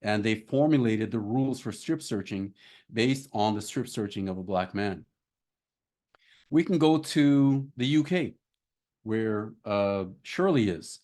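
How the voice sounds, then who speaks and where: A middle-aged man with a Canadian accent giving an academic lecture, measured and emphatic on figures, with frequent ums. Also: on the low side, animated, darkish tone. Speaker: academic speaker.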